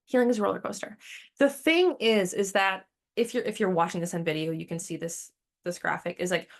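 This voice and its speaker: A woman hosting a spiritual podcast in a casual, blunt way, swearing freely and wandering into sidetracks. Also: on the low side. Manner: blunt and profane, animated; chatty, with fillers and sidetracks. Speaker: podcast host.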